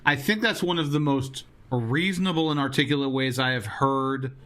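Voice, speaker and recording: A man co-hosting a movie podcast, talking in a thoughtful, animated way and laughing along. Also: mid-range voice, normal speed. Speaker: podcast co-host. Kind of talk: casual chat about movies.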